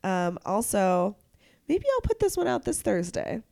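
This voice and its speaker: A woman co-hosting a podcast, talking casually while stuffed up with a cold, chatty and quick to laugh at herself. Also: mid-range voice, wildly swooping pitch, creaky, dark tone. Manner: giggly, chatty, self-mocking. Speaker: podcast co-host. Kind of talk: casual chat.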